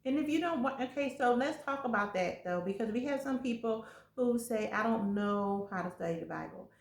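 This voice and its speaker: A woman's voice: on the high side, normal speed. A woman guest speaking earnestly in a casual faith talk, sharing her own story. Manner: earnest, testimonial, speeds up when excited. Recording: echoey room.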